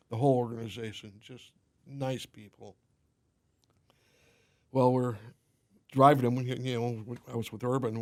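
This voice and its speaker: A man at a middle pitch shares laid-back anecdotes as a podcast guest, where he's introduced as a limo company owner. He tells them with animation, slipping into the voices of the characters as he quotes them.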